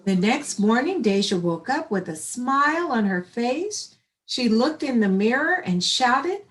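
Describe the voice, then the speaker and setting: A woman reading a children's picture book aloud in a slow, encouraging way. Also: a little high, very animated, a bit bright. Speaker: storybook reader. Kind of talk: children's story read-aloud.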